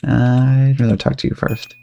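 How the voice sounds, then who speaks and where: A man voicing a spunky young girl heroine in a game, with quick excited lines. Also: mid-range voice, creaky, no echo, lightly acted. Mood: plucky.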